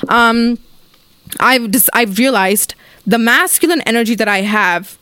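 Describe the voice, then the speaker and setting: A woman in her twenties hosts a casual solo podcast from her apartment, speaking bluntly and profanely with animated storytelling. Her voice is fairly high, smooth and unhurried, with no room sound.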